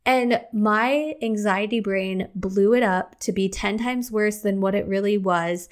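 Young female podcast host, candid, conversational, talks straight to the listener. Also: measured pace. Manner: candid, chatty, acts out her own outbursts in a higher voice. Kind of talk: casual solo podcast talk.

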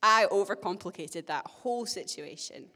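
A young woman giving a sermon to her church, telling a personal story in a chatty, self-deprecating way with gentle humor. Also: medium pitch, lively intonation, moderate pace. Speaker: church speaker. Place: church hall. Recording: long church-hall reverb.

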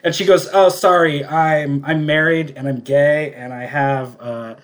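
A man's voice: fairly high pitch, fairly even intonation, unhurried. A man co-hosting a casual podcast chat, retelling comic book scenes in a rambling way, full of fillers and chuckles. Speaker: podcast co-host.

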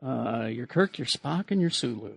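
A man's voice: mid-range voice, expressive, normal speed, creaky, husky. A man hosting a casual comedy podcast, leading the segments and wryly reading items aloud. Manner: wry, leads the segments and reads items aloud. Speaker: podcast host.

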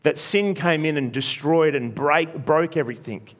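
Earnest higher-voiced male preacher. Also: normal speed. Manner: earnest, repetitive, frequent restarts. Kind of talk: sermon storytelling.

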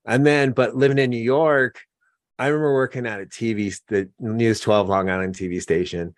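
A man telling stories in a relaxed conversational way, with frequent fillers. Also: medium pitch, fairly quick, no room sound, studio quality. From American West. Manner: relaxed storytelling, many fillers. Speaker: guest. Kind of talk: casual conversation.

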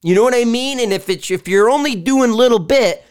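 A man hosting a podcast, talking in a casual, rambling monologue full of swearing and animated storytelling. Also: extremely high pitch, a little fast, clear, resonant tone. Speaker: podcast host. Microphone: live stream mic.

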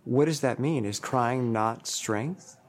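A coach gently challenging assumptions with short probing questions. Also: medium pitch, slow, crowd noise. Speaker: coach or counselor asking questions.

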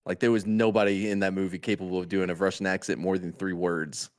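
A man's voice: low voice, level tone, fast talker. A man in casual podcast chat, blunt and jokey, swearing freely.

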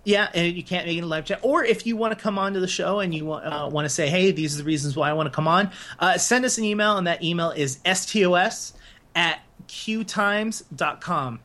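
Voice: mid-range voice, fairly quick, a bit bright. A co-host of a casual gaming podcast who gives opinions and explains them at length, with many fillers.

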